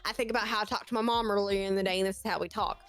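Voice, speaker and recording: A woman's voice: mid-range voice, steady tone, very fast, a bit bright, soft background music. A young woman from Texas with a slight Texan accent, chatting casually and at length as a podcast guest, rambling and self-deprecating. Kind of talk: casual chat.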